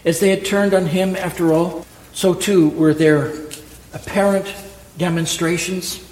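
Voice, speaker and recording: Male pastor, fairly high voice, preaching emphatically in a church with long reverb. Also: steady tone, measured pace, a little mellow. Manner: emphatic, rhetorical questions, repeats key words. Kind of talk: sermon. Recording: echoey hall with long reverb, faint ambience.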